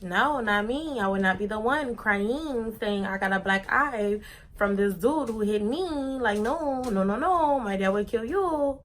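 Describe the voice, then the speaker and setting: A woman's voice: on the high side, animated, unhurried. A young woman vlogger telling a personal story in a casual, dramatic, slangy way.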